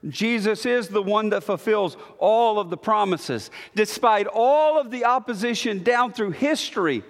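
A man preaching a sermon, building emphatic repeated declarations and then dropping to a hushed tone. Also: sits high, expressive, unhurried. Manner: emphatic, repetitive declarations, swings from loud to hushed. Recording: long hall reverb.

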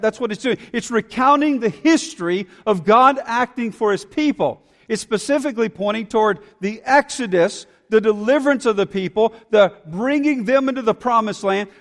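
High-voiced preacher in a reverberant hall. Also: male voice. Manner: preaching with dramatic swings in pitch and loudness. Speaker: pastor. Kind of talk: sermon.

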